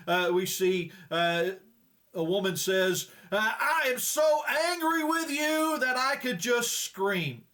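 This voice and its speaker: A man's voice: a little high, a bit bright. A male preacher giving a folksy, plain-spoken sermon with frequent hesitations.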